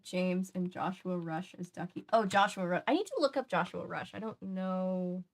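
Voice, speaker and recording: A woman's voice: lowish voice, moderate pace. A woman in her twenties, hosting a casual livestream, rambling and chatting with her viewers between bits of a book she is reading aloud. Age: 20s. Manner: rambling, chatty, self-interrupting.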